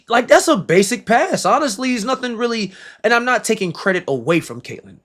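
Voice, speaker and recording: A man casually breaking down basketball footage, excitable and slangy, often repeating himself and laughing. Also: very high voice, fairly quick. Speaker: basketball reaction creator.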